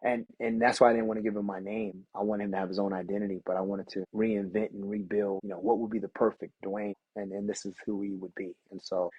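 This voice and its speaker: Husky middle-aged man, podcast guest, earnest storyteller, dry close mic. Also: lowish voice, flat delivery, fast, few pauses, no room sound, muffled recording. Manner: earnest, storytelling, restarts often. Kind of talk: candid reflective conversation.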